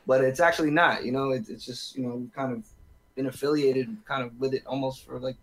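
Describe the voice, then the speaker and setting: A man's voice: mid-range voice, steady tone, a little fast, rough recording. Man, 30s, podcast guest, laid-back, rambling with fillers. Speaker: guest musician. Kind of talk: casual podcast chat.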